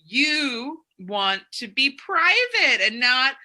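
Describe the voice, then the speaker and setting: A woman co-hosting a podcast, chatting casually and telling animated stories with loud acted quotes. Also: sits high, very slow. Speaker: podcast co-host. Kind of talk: casual chat.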